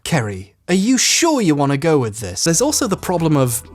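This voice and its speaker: A man's voice: on the high side, wildly swooping pitch, a little fast, soft background music. A young man delivering a scripted video essay in a sarcastic, exasperated and profane way.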